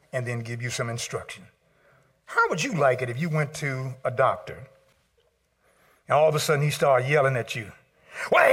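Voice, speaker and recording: Preaching pastor with a husky, gravelly voice. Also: male voice. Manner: swings from shouting highs to hushed lows; calls out to the congregation. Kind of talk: sermon. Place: church service.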